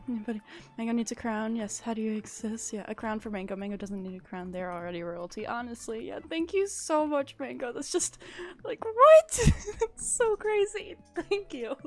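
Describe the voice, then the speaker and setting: A woman's voice: on the high side, a little mellow. A young woman live-streaming a building game, chatting casually and thanking viewers in a gushing, rambling way. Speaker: livestreamer.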